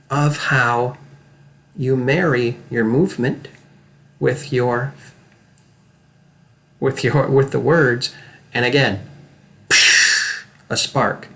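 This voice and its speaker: A man's voice: medium pitch, gravelly. A middle-aged man who works as an acting coach, giving an earnest, emphatic lesson straight to camera and often checking in with the viewer.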